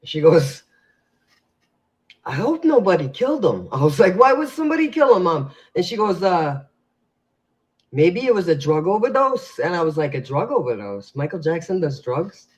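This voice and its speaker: A man's voice: a little high, very animated, normal speed. A man co-hosting a casual advice show, telling rambling stories full of fillers. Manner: rambling storyteller, filler-heavy. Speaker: co-host. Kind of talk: casual podcast chat. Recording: dull lo-fi sound.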